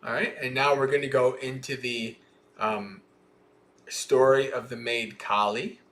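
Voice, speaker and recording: A man reading a Buddhist sutta aloud on a livestream and pausing to explain it in a thoughtful, questioning way. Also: mid-range voice, level tone, fairly bright tone. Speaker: Dhamma teacher.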